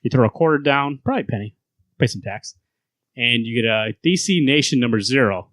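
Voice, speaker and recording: A man's voice: medium pitch, animated, fairly quick, a bit bright, no room sound. A man hosting a casual comic book podcast, retelling scenes in a rambling way and laughing as he goes. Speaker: podcast host.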